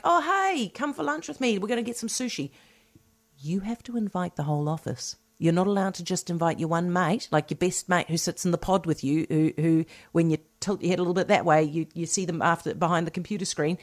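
An Australian woman hosting talk radio, chatty and opinionated in a casual way. Her voice sits fairly low for a woman. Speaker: radio host.

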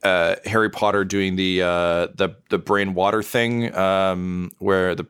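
A man's voice: deep voice, steady tone, unhurried, a bit bright, clean tone. A man as game master, improvising narration with many fillers and restarts. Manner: rambling, many fillers, chuckling.

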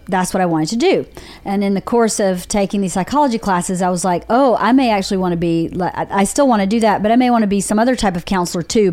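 A woman in her forties with a Southern accent from Georgia, hosting a podcast and telling candid stories with lively quoted voices. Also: mid-range voice. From Georgia, USA. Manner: candid storytelling with animated put-on quotes. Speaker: podcast host. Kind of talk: casual chat.

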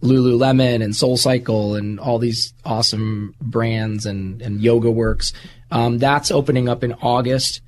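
This is candid, conversational storytelling from an American man being interviewed as a guest. He speaks a little slowly in a steady, mid-range voice, earnestly wandering through his life story and frequently repeating words.

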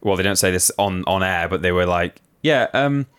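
A man's voice: low-pitched, lively intonation, moderate pace, a bit bright, smooth. A man co-hosting a podcast, explaining at length in casual chat with plenty of fillers. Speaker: podcast co-host.

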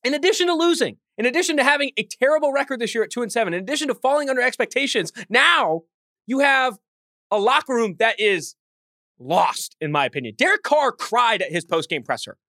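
A man co-hosting a sports podcast, talking in a heated, rapid rant. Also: very high voice, very animated, sharp tone, dry recording, studio quality. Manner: fast, heated ranting. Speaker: podcast co-host.

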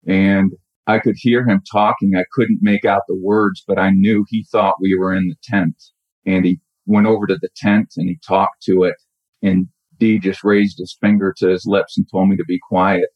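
A middle-aged man recounts a personal story slowly and reflectively, stopping and restarting often. His voice is low and husky. The audio sounds dull and lo-fi. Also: little pitch movement, no room sound. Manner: halting, reflective, many restarts. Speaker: caller telling a true story.

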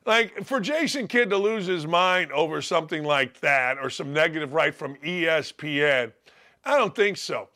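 An older man hosting a sports radio show, ranting bluntly and mockingly, his voice gravelly from days of yelling. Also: fairly high pitch, expressive, moderate pace. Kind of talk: opinionated sports radio rant.

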